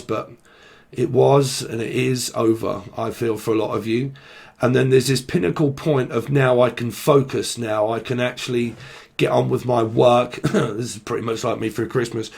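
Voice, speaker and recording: Slangy, gravelly London-accented man. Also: medium pitch, darkish tone. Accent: English, London area. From Britain. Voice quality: swears a lot, slangy and rambling. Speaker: tarot reader. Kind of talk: casual tarot channelling monologue.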